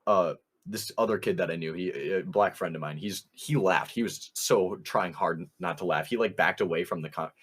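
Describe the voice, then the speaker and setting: Young guy w a deep husky voice rambling thru a story on a podcast, laughs a lot. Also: normal speed. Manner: rambling anecdote, quoting others with "I was like", frequent laughs. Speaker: podcast co-host. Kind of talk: casual storytelling chat.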